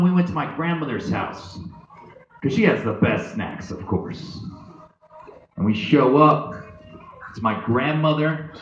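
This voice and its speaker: A young man performs a stand-up set in a high, lively voice that keeps leaping into loud character impressions. The sound is echoey and a little dull, like a low-fi live club recording. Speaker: stand-up comedian. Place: comedy club stage.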